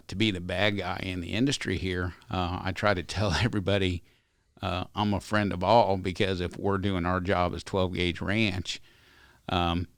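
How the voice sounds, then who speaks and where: A man's voice: deep voice, gravelly, clean tone, no room sound, clean studio sound. A man being interviewed on a podcast, telling stories in a folksy, earnest, rambling way. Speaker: ranch company owner, podcast guest. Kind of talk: casual interview storytelling.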